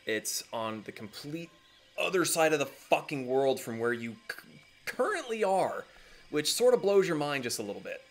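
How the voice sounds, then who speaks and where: A man's voice: lowish voice, creaky, slight background noise. A man narrating as game master in a tabletop game, rambling with many fillers.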